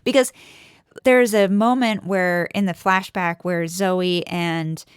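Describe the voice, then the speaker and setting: A woman's voice: fairly low pitch, slow pace, smooth, dry recording, studio quality. A woman co-hosting a podcast, chatting casually and animatedly, often acting out what others said. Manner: animated, acts out quotes. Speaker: podcast co-host. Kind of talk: casual chat.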